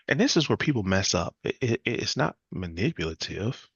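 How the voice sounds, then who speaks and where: A man teaching a live sales class, acting out lively client conversations as examples. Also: normal speed, hardly any pauses, husky, no echo, dull audio. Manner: energetic, acts out client dialogue with jumps in pitch. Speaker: sales trainer.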